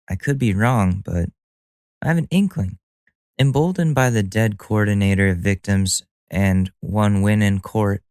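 A man's voice: fairly low pitch, clean tone, dry recording. Sardonic, profane male podcast host. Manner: profane, sardonic, laughs at own jokes. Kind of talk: casual solo podcast monologue.

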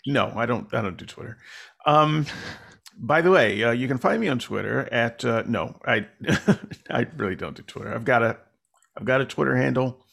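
A man's voice: mid-range voice, animated, moderate pace, creaky, a bit bright, breathy edge. A man hosting a casual podcast conversation, rambling and self-deprecating, with many fillers and restarts. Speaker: podcast host.

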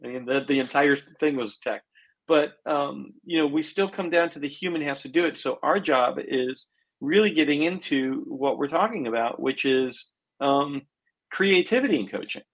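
Speaking at a normal speed with a fairly high pitch, a male swim coach co-hosts a coaching podcast over poor audio. The chat is casual and rambling, packed with "um," "you know," other fillers, and restarts.

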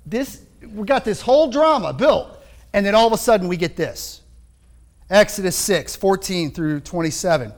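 A male pastor giving an animated, conversational sermon with frequent restarts. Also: sits high.

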